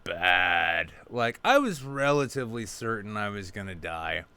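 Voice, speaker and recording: A man's voice: on the low side, big pitch swings, measured pace, sharp tone, clean tone, no room sound. A man hosting a podcast, telling rambling, profane anecdotes full of quoted dialogue. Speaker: podcast host. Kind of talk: casual storytelling chat.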